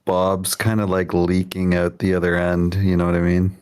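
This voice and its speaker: A man's voice: deep voice, level tone, normal speed, darkish tone, clean tone, dry recording. A man in a casual voice-call chat, joking dryly. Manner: dry, joking.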